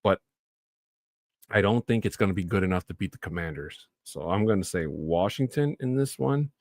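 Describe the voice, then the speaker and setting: Casual, chatty lower-voiced male sports host. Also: lively intonation, moderate pace. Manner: casual and chatty, swells into loud enthusiastic shout-outs. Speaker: sports talk show host. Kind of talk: solo sports talk show with live chat.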